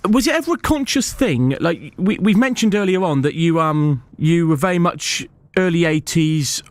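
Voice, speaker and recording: A man's voice: on the high side, lively intonation. A man presenting a radio show, asking his guest friendly, curious questions and chipping in often. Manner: friendly, curious, quick to chip in. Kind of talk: radio interview.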